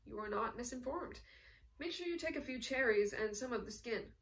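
A woman's voice: a little high, lively intonation, normal speed, a bit bright, recorded from a distance, rough recording. A woman reading aloud as a refined aristocratic count, poised, dry and courteous. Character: refined aristocratic male count, composed and witty.

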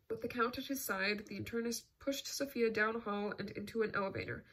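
Woman reading a novel out loud, steady, kinda breathy. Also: fairly high pitch, brisk, few pauses. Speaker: audiobook narrator. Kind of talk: scripted narration.

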